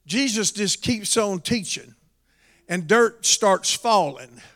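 Pastor guy preaching slow, shouting then going quiet, big echoey church. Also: high voice, lively intonation. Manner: preaching with swings from shouting to hushed storytelling. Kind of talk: sermon. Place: church sanctuary. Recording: long reverb of a church hall.

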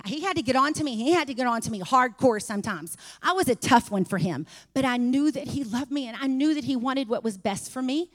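A woman preaching a sermon in a church, testifying and rising to fervent shouts. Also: sits high, animated, a little fast, few pauses, in a large hall. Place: church sanctuary.

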